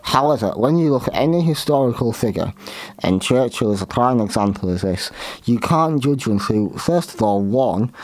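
A man hosting a history talk show, giving opinionated commentary in a halting way, often repeating and restarting his words. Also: mid-range voice, lively intonation, a little mellow, dry recording.

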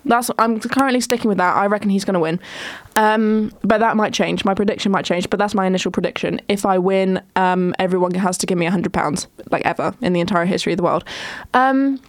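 A woman's voice: mid-range voice, fairly quick, no echo. A young woman hosting a casual solo podcast, chatting in a rambling way with many ums and restarts. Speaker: podcast host.

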